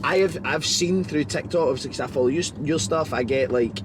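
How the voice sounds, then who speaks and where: A Scottish man hosting a casual podcast interview, talking in an animated, sweary, chatty way from inside a car. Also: a little high, brisk, background noise. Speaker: podcast host.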